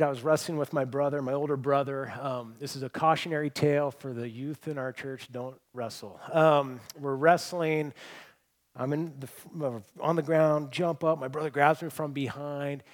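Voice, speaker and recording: A man preaching a sermon in a church, his voice sitting a little higher than most men's. He tells stories, and his delivery swings between loud, emphatic points and quiet, hushed lines. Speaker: pastor. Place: church hall with congregation.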